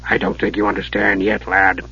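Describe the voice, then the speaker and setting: A grim old male dwarf, played by a man speaks in a deep, low voice full of dread. His warnings come slow and heavy. The audio is dull and lo-fi. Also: monotone, pushed and bright, husky, full character voice.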